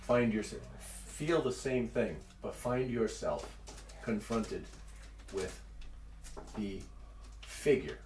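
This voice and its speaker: A man's voice: lowish voice, expressive, a little mellow. Guy dming a tabletop game, keeps restarting his sentences, echoey room, mic far off. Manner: halting, restarts mid-sentence, lots of laughs. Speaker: dungeon master. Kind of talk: narrating a tabletop game, casual. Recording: roomy echo, far from mic, faint noise.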